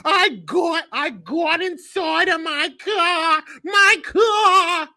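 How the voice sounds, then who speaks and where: A man mocking a whiny female talk show panelist in a piercing falsetto, slow and dragged out, with a bright, sharp edge. She half sobs and half shouts every phrase in a melodramatic, self-pitying wail. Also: full character voice. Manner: sobbing, shouting mockery.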